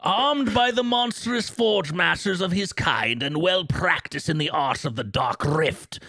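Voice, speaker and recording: A man putting on an old man's voice to read dark fantasy lore slowly and theatrically, straining his voice. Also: sits high, gravelly, dry recording, pitched above the performer's own voice, heavily acted. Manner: strained, slow, theatrical delivery. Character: ancient rambling old man reading demon lore.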